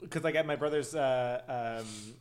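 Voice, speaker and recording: A young man co-hosting a podcast, telling animated stories in casual chat, full of "like" and laughter. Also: mid-range voice, a little slow. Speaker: podcast co-host.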